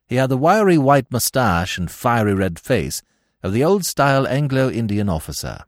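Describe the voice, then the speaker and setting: A man narrating a classic story in a measured, expressive audiobook reading. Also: medium pitch, no room sound, clean studio sound.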